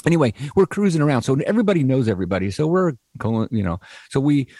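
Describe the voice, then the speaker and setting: Animated rambling storyteller, man in his 60s. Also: medium pitch, fast, dry recording, clean studio sound. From US Midwest. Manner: rambling, animated, frequent restarts and fillers. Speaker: podcast co-host. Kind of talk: casual storytelling.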